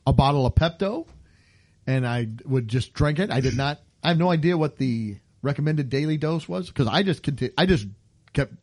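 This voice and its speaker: A man's voice: on the high side, expressive, normal speed, darkish tone. A man in his fifties hosting a casual comedy podcast, telling stories animatedly and acting out the people in them. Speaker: podcast host.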